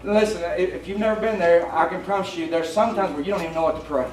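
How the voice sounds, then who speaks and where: A man with a Southern US accent, from Tennessee, preaches as a pastor in a church sanctuary, his sermon plainspoken, folksy and conversational. His voice is high-pitched and a little mellow, steady in tone and quick in pace. The distant mic picks up roomy church acoustics and a faint hum.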